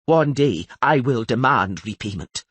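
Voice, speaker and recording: A man's voice: medium pitch, expressive, unhurried, a bit bright, slightly rough, no echo, voice pushed up. A man voicing an imperious older queen in an audiobook, cold and authoritative, raising his voice in anger. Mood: cold commanding.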